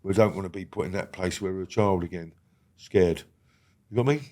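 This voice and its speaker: A middle-aged man, a guest in a casual podcast interview, talking bluntly with lots of swearing and often dropping to a quiet murmur. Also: a little fast. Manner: blunt and heavy on swearing, drops to a low murmur.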